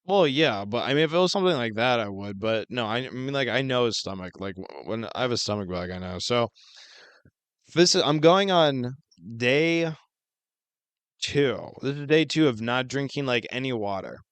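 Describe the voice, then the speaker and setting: A man's voice: medium pitch, lively intonation, normal speed, fairly bright tone, smooth, no room sound. A young man co-hosting a podcast, telling a long story in casual chat, swearing a lot. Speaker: podcast co-host.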